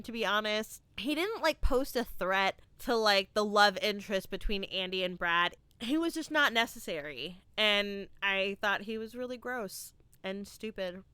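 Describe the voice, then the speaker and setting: Young woman podcast host, bright and clear voice, animated casual movie chat, dry close mic. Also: medium pitch, no room sound. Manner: animated, laughs often, acts out quotes.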